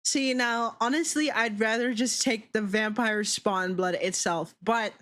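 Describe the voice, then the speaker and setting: A woman streamer with a fairly high voice, swearing freely as she rants in casual chat. She talks loosely and laughs easily. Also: fairly even intonation, measured pace, fairly bright tone. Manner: profane, ranting, laughs often. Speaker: VTuber streamer.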